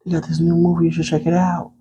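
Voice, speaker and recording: A man's voice: a little high, completely flat delivery, fast talker, warm tone, highs cut off, slight background noise. A man casually reviewing a movie to camera, chatty and playful, talking to his viewers. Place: room with a TV behind him.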